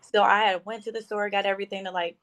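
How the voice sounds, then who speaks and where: A woman's voice: mid-range voice, level tone, quick pace, fairly bright tone, dry recording, poor audio. A young woman guest telling a personal story in an emotional, conversational way.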